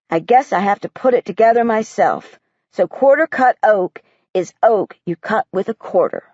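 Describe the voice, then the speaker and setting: A woman's voice: medium pitch, dry recording, highs cut off. A woman narrating an audiobook in the first person, in a matter-of-fact, literal and earnest manner.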